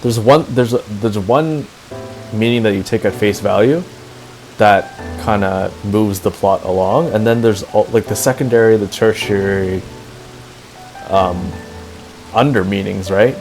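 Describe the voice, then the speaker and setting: Over faint background music and on a low-quality recording, a man with a lowish, darkish voice speaks at a measured pace. Streaming casually, he tours a game housing build he loves, full of earnest, sentimental rambling and filler words.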